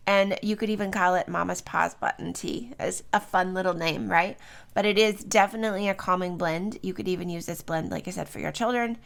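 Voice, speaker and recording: A gravelly, lowish, slightly bright voice belongs to a middle-aged woman hosting a solo herb podcast from home early in the morning. Her talk is chatty and loose, packed with fillers and little tag questions.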